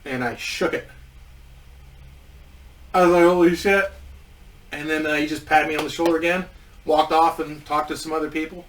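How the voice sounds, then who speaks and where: A man's voice: on the high side, fairly even intonation, moderate pace, pauses often, recorded from a distance, poor audio. A man telling a casual story about his wrestling days, rambling with many restarts and frequent swearing.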